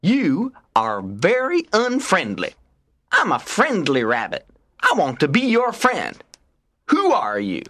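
A man voicing a friendly, talkative male rabbit who is quick to anger, in a high, slow, drawn-out voice. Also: huge pitch swings, creaky, sharp tone, breathy edge, full character voice. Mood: angry.

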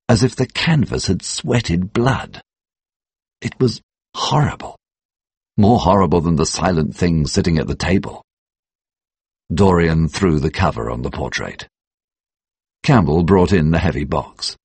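A man narrates an audiobook in a very deep, husky voice. He keeps a measured, steady pace, and the recording is close and dry. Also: no echo.

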